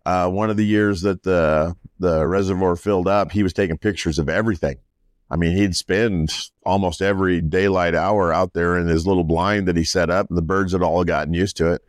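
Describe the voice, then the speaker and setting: Deep-voiced rambling farmer. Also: male voice, steady tone, brisk, clean tone, dry recording, studio quality. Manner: rambling storyteller, many restarts and quoted dialogue. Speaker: farmer and landowner guest. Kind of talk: casual conversation.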